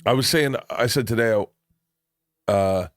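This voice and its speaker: A man's voice: mid-range voice, a little slow, no echo, studio quality. A middle-aged man hosting a podcast, telling stories in a rambling, restart-filled way with plenty of swearing. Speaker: podcast host. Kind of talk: casual chat.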